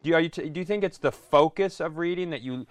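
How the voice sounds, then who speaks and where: A man's voice: a little high, quick pace, dry recording. A man co-hosting a podcast in casual comedic chat, asking rambling questions full of restarts. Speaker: podcast co-host.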